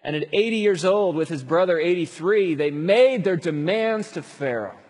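A man preaches a sermon and retells a story with lively, animated delivery. His voice sits a little high and sounds husky. A long hall reverb trails every phrase. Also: normal speed.

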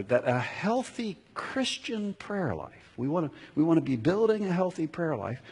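A man's voice: on the high side, slightly rough. A man preaching a sermon as a pastor who keeps asking the congregation questions, recorded in a church sanctuary. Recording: long reverb of a large hall.

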